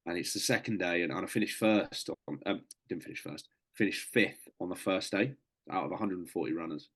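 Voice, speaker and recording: Man, very low voice, chatty, swears, casual storytelling, podcast guest. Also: fairly quick, fairly bright tone. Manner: swearing, chatty, says "mate" a lot.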